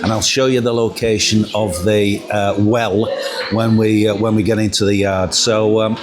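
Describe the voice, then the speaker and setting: A middle-aged vlogger walks and films through windy outdoor steps and narrow yards, chatting casually and jokingly, rambling with plenty of ums. His voice is fairly low, level in tone and moderately paced, with a crowd audible behind him, captured on a camera mic with a windshield.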